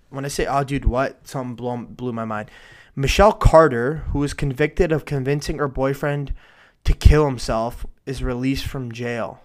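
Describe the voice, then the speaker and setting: A man in his twenties rants profanely through casual solo commentary on news stories. He lurches from low muttering into sudden outbursts.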